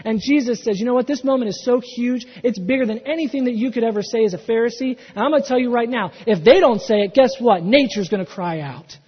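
Man, pastor, sermon, high-pitched, husky, animated storytelling, echoing church, muffled recording. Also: fast, hardly any pauses. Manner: animated storytelling, acts out quotes, swings from loud to hushed. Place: church sanctuary. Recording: dull sound in a reverberant hall.

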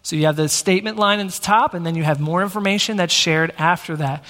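A man preaching a teaching sermon in a church, energetic and conversational, talking straight to the congregation. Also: sits high, quick pace. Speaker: pastor. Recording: long reverb of a large hall.

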